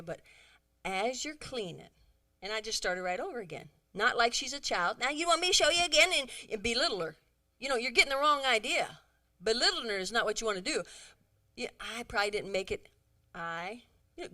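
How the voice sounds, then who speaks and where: A middle-aged woman giving a humorous talk to a church audience, animated and chatty, acting out bits of dialogue. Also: medium pitch. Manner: animated, acts out quoted dialogue, chatty asides. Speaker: women's conference speaker.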